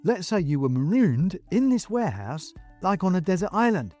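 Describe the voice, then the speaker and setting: A man's voice: sits high, sing-song, normal speed, mellow, soft background music, pitched above the performer's own voice. A man voicing a polite young warehouse packer who reasons patiently.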